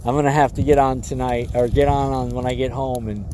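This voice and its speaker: A man hosting a live stream, rambling through an animated story with lots of fillers. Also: medium pitch, a little fast, a little hiss or hum.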